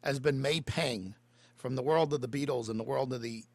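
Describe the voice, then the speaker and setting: A man's voice: mid-range voice, moderate pace, gravelly, darkish tone, dry recording. Man, talk show host, effusive, complimentary, dry close sound. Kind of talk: broadcast interview.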